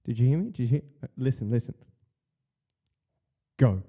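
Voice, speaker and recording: A man's voice: medium pitch, expressive, moderate pace, dark tone, lo-fi sound. A man hosting a casual solo podcast, talking in a profane, mocking way and often laughing. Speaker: podcast host.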